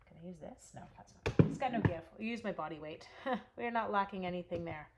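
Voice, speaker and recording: Speaking a little fast in a lowish voice, this woman is recorded with a lot of noise. She demonstrates card stamping live, chatting loosely with viewers during the work and replying to their comments.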